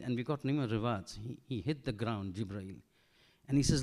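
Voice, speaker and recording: A man giving a sermon, telling a story with lively acted-out dialogue and Urdu phrases mixed in. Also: medium pitch, a little fast. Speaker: preacher.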